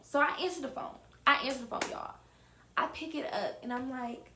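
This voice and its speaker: A young woman telling a casual storytime to her viewers, animated and often calling out to them. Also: high-pitched, fast talker, a little hiss or hum. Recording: roomy echo.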